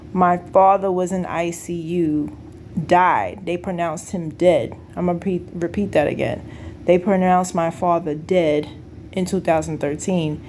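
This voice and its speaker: A woman's voice: on the low side, darkish tone, slight background noise. A young adult woman talking earnestly and casually to her viewers about her faith as a single mother. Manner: earnest, conversational, addresses viewers directly. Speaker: vlogger. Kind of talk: casual personal talk to camera.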